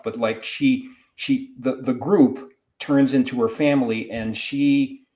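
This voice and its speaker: A man's voice: medium pitch, darkish tone. Guy on a video call going on about a show, lots of restarts and tangents, medium voice. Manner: digressive, many restarts. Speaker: guest academic. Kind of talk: casual discussion.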